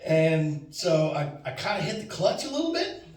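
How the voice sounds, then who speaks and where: Rambling animated male stand-up comic. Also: fairly high pitch, normal speed. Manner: rambling, animated, acts out his friend's lines. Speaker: stand-up comedian. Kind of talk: stand-up storytelling. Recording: echoey room from far off.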